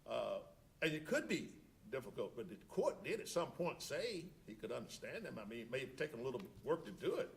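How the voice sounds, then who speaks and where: A man's voice: medium pitch, big pitch swings, a little fast, vocal fry. A man serving as an appellate judge, questioning counsel and thinking aloud with frequent restarts. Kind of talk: courtroom questioning.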